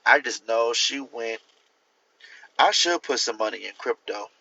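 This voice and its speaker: A man's voice: mid-range voice, lively intonation, a little slow, vocal fry, pushed and bright, highs cut off. A man hosting a livestream, giving blunt, opinionated views and talking straight to his viewers. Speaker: livestream host. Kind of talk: casual livestream talk.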